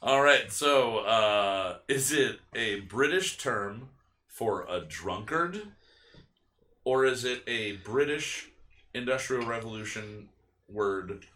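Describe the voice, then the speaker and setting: A man's voice: fairly low pitch, lively intonation, slow pace, pushed and bright. A man hosting a casual podcast, reading odd words aloud and joking with his co-hosts. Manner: joking, laughs often, spells words out. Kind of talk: casual crude podcast banter. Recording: roomy, from off-mic, faint noise.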